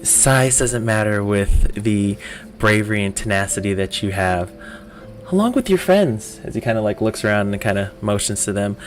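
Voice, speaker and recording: Male GM, lower voice, loose filler-heavy narration over faint music. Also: animated, normal speed. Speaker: game master. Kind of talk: narrating a tabletop game.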